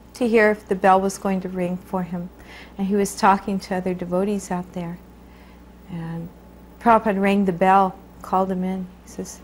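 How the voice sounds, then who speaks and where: Woman recounting a story w/ quotes, soft hiss behind, slightly far off. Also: medium pitch. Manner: anecdotal, with quoted dialogue. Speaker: interviewee. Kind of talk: casual storytelling.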